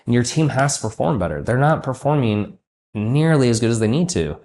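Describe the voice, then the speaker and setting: A man's voice: mid-range voice, expressive, a little fast, darkish tone, a little hiss or hum. A man coaching a business owner in a blunt, profane, ranting way.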